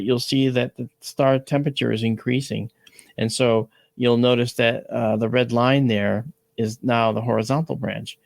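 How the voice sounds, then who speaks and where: Gravelly man explaining astronomy casually. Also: mid-range voice, no room sound. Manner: explains with analogies, frequent "all right?" check-ins. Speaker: astronomy show host. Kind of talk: casual educational talk.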